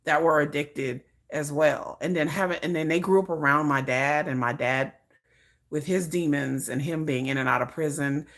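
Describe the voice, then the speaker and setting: Speaking at normal speed in a low voice, this woman recounts personal family stories casually and animatedly on a live stream. She often laughs and repeats or restarts her phrases.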